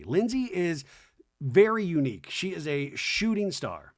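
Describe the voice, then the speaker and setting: This man's voice sits on the high side and swoops wildly in pitch at a normal speed. Hosting a comedy podcast, he recaps a reality show with campy sarcasm, acting out what cast members said.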